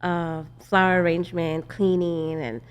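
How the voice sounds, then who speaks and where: A woman who owns a restaurant, relaxed and telling stories as a guest on a podcast. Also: fairly low pitch, a little slow, smooth, long reverb tail. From California. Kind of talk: casual podcast chat.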